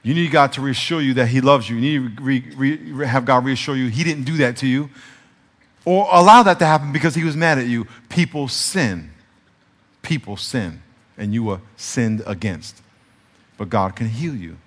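A male pastor preaching a conversational sermon, shifting between soft, confiding passages and emphatic peaks. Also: medium pitch, brisk. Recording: reverberant church hall sound.

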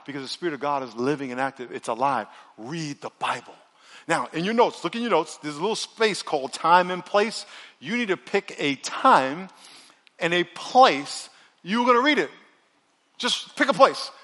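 A middle-aged male pastor preaching a sermon in an energetic, joking way, leading the crowd in call-and-response. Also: on the high side. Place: large church auditorium. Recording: long reverb of a large church hall.

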